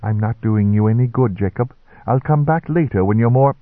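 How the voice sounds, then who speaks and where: A man voicing a stiff, reproving male reverend who talks in a sharp, sermonizing way. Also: medium pitch, fairly quick, dry recording, natural voice. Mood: flustered. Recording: dry, tinny narrow-band recording.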